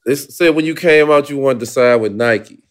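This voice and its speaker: A man co-hosting a casual chat who laughs often and reacts in a relaxed way. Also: medium pitch, moderate pace. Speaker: podcast co-host.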